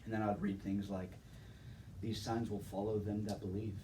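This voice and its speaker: A young man tells his personal testimony to a live audience in a laid-back, chatty way, laughing often and calling people "man" and "dude." His voice is fairly low with little pitch movement and a moderate pace, picked up by a distant mic with faint background noise.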